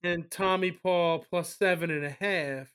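A man hosting a sports betting podcast with a high, bright voice. He talks in quick, wry banter and slides into playful rants. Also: clean tone. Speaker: podcast host.

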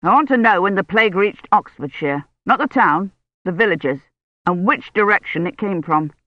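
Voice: mid-range voice, animated, normal speed, no room sound, close to an everyday voice. An audiobook reader voicing a harried older male academic who speaks curtly and insistently. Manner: curt, insistent. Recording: slightly muffled dry studio read.

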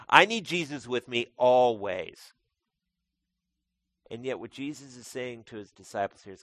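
A man's voice: mid-range voice, expressive, a little slow, pauses often, bright, forceful tone, no echo. A man preaching a sermon as pastor, talking conversationally and calling his listeners folks.

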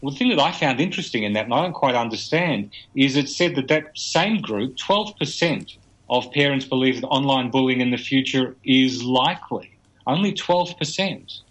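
A man's voice: medium pitch, lively intonation, moderate pace, a bit bright, lo-fi sound. Australian-raised man explaining research on radio. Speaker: business futurist guest. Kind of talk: radio interview chat.

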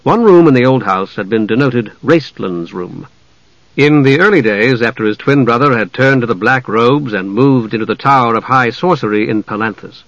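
A man reading a fantasy novel aloud in measured, scripted audiobook narration. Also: medium pitch, a bit bright, dry recording. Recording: dry, slightly dull audiobook recording.

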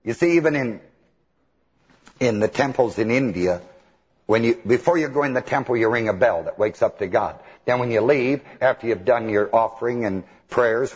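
Male preacher, animated storyteller, lively pitch, long-reverb hall, lo-fi tape. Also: slightly rough. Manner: animated storytelling, chuckles, mimics chants. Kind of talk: sermon. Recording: dull old hall recording.

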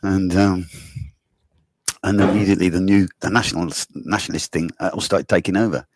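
A man's voice: deep voice, fairly even intonation, fairly quick, darkish tone, dry recording, clean studio sound. A man talking in a loose, rambling casual conversation, swearing offhandedly and laughing often.

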